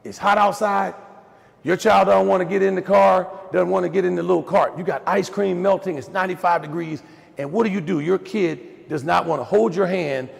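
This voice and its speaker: A middle-aged man tells stories in a folksy, lively way and speaks straight to his audience. His voice is heavily gravelly and sits a little high for a man. He comes through a video call with a long, echoey reverb. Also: moderate pace. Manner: folksy, animated storyteller addressing the audience as y'all. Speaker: guest speaker on raising boys. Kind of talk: storytelling talk in a virtual Q&A.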